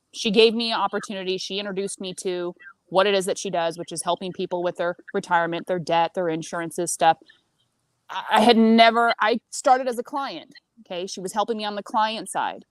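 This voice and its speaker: Blunt, animated woman guest, dry sound. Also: mid-range voice, fairly quick, no echo. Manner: blunt and animated, swears freely. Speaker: podcast guest; senior marketing director. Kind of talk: casual storytelling chat.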